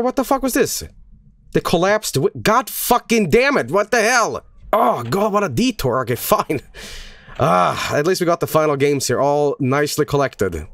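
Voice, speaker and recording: Man, game streamer, swears often, self-mocking laughs, highly animated pitch. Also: no echo. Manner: frustrated, swearing, laughs at himself. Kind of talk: gaming stream commentary.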